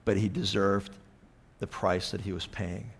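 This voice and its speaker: A man preaching a sermon, impassioned, swinging between loud acted-out quotes and hushed, earnest passages. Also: sits low, level tone, unhurried, vocal fry, a little hiss or hum. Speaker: pastor.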